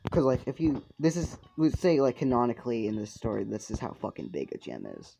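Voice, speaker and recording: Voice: medium pitch, expressive, fairly quick, gravelly, few pauses, mellow, a little hiss or hum, low-quality recording. A storyteller improvising a fan-fiction tale in a rambling, casual way, full of fillers and swearing, over faint game music. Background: faint video game music.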